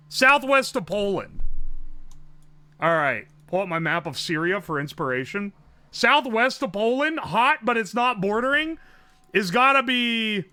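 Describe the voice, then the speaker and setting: A young male streamer with a very high, bright, lively voice, talking slowly and loosely while he reasons out loud. He swears freely and cracks jokes in casual livestream chatter, close and dry on his desk mic. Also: clean tone, no echo. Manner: swearing, joking, thinking aloud.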